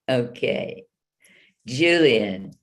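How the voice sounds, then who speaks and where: A woman teaching speech over a video call, slowly demonstrating vowels and consonants with drawn-out sounds. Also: extremely low pitch.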